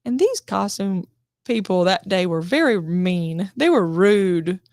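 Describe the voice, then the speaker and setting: A woman, an actress and guest, telling show-business stories in a casual chat, animated and swearing, acting out quotes. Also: mid-range voice, slow, dry recording, studio quality. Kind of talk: casual storytelling interview.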